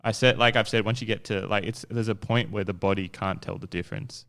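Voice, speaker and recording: A man co-hosting a podcast, explaining things in a relaxed, plain way. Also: lowish voice, brisk, gravelly. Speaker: podcast co-host. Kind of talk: casual chat.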